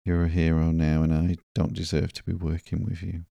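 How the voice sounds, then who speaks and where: Brief: remorseful young ex-crook, hesitant and earnest, read by a man, deep gravelly voice, dry sound. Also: completely flat delivery, a little fast, warm tone, dry recording. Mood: earnest, guilty.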